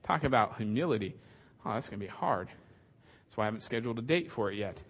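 A man's voice: lowish voice, animated, fast talker, highs cut off. A man preaching a casual sermon as pastor, conversational and joking, with many fillers and restarts.

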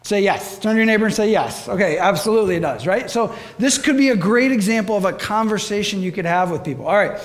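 A man delivers a lively sermon with a bright, high-pitched voice. He talks with the congregation, pausing to ask them questions and breaking into acted-out voices when he tells stories. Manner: animated, asks the audience questions, acts out voices in stories. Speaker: preacher.

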